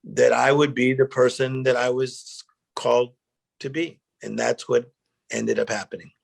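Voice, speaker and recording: A middle-aged man, a guest speaker, telling animated personal stories in a chat and acting out the quotes. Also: medium pitch, a little slow, creaky. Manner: animated storyteller, acts out quotes, emotional. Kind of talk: storytelling interview chat.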